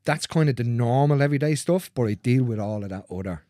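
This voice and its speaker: He speaks in a mellow mid-range voice, animated and quick, over a clean, dry studio recording. As a manual therapist sharing client stories in easygoing conversation, he's blunt and swears freely while playing out what people said.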